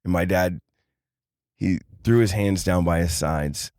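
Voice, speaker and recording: Deep-voiced man telling a story. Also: unhurried, no room sound, clean studio sound. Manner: animated storyteller acting out quoted voices. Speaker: podcast guest. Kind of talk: casual storytelling.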